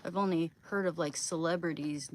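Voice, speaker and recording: A woman's voice: deep voice, steady tone, moderate pace, heavy background noise. A woman from Oregon chatting casually on a livestream, rambling and greeting viewers by name. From Oregon, USA.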